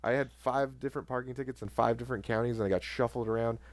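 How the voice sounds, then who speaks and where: A man's voice: medium pitch, fast talker, no echo. Swearing, storytelling podcast guy. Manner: swears often, animated retelling of cop stories. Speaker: podcast co-host. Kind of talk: casual chat, storytelling.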